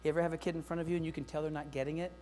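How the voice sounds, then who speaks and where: A middle-aged man giving a lively, joking keynote talk to teachers, speaking straight to the audience. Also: a little high, very fast. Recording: long hall reverb with faint mains hum.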